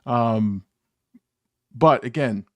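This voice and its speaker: A man's voice: medium pitch, drawn-out words, no room sound. A man co-hosting a reaction show, talking casually and rambling with many restarts and fillers. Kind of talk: casual chat.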